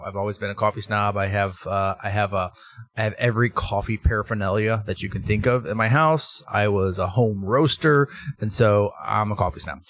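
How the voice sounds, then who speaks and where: A man who owns a brewery, talking in a casual interview and telling animated stories with lots of restarts. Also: on the low side, no room sound. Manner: animated storytelling with laughs and restarts. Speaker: brewery owner, guest.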